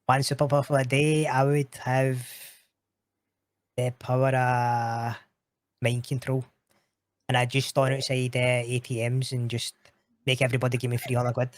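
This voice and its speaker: A Scottish man talks as a guest on a chat show, swearing freely and laughing as he tells a story. His voice sits at an ordinary pitch. The sound is dry and close. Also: completely flat delivery, normal speed, pauses often, dry recording. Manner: swears a lot, laughs through stories. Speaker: podcast guest. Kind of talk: casual chat.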